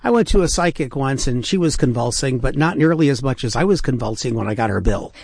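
A man's voice: medium pitch, lively intonation, fast talker, creaky, darkish tone. A man hosting a storytelling show, jokey and enthusiastic, often repeating his words. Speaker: show host.

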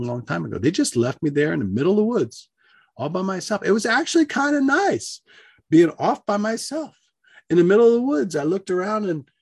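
A man telling a personal story aloud on the radio, animated, acting out the voices of the people in it. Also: creaky, slightly rough, no room sound, studio quality. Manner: animated, acts out voices with big pitch jumps.

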